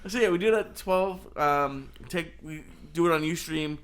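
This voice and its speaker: Easygoing man, slightly high voice. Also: normal speed, fairly bright tone. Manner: laughs easily, plugs shows and sponsors. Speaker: podcast co-host. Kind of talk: casual podcast chat.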